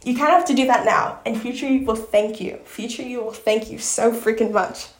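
Woman, Southern accent, podcast host, chatty and effusive, fairly high voice, echoey room. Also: steady tone, fairly quick. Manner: chatty and effusive, with many fillers like "like". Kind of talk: casual podcast chat and reading aloud from her book.

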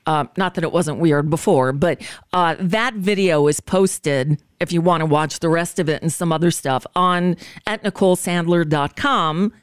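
A woman's voice: lowish voice, normal speed, clear, resonant tone, no room sound, studio quality. A woman talk show host chatting casually, rambling a bit with fillers as she sets up an old clip.

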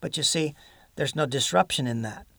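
A man with a gravelly, slightly high voice preaches in an earnest, folksy style and adds homespun humor between scripture points. His voice is close and dry, with little room sound. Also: normal speed, a bit bright, dry recording. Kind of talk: sermon.

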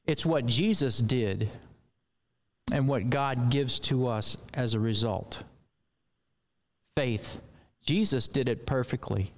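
A man's voice: mid-range voice, slow, long pauses. A man preaching a sermon in a loose, conversational way with rambling asides.

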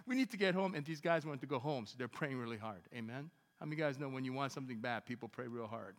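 Male pastor, sermon storytelling, animated, emphatic bursts, long church reverb. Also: mid-range voice, fast. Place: church sanctuary.

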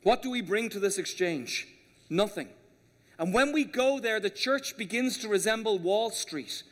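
A high-pitched man delivers an impassioned sermon in a big church sanctuary, his voice trailing off into long reverb. He preaches with fervor, dropping low and soft, then pushing hard on key words. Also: lively intonation, normal speed. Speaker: pastor. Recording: long reverb of a large hall.

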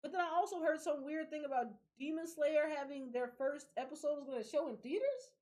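A young adult woman hosting a podcast in casual chat, animated and profane, laughing often. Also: high-pitched, a little fast. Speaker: podcast host.

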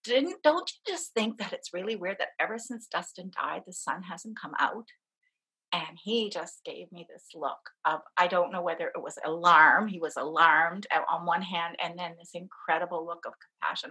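A woman's voice: fairly low pitch, bright, forceful tone, husky. A woman, an interview guest, telling a personal story with strong emotion and frequent laughter. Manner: emotional, laughs often while telling stories.

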